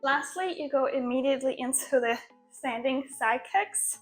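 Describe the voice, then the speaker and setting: A young woman with a high voice walks through workout moves step by step in a chatty fitness vlog, speaking at a normal pace over music. She's recorded on a small new mic and sounds out of breath by the end.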